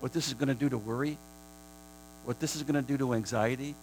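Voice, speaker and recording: A man preaching a sermon, repeating phrases for emphasis and swinging between a hushed, prayerful murmur and high, shouted declarations. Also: fairly even intonation, fast, rough recording.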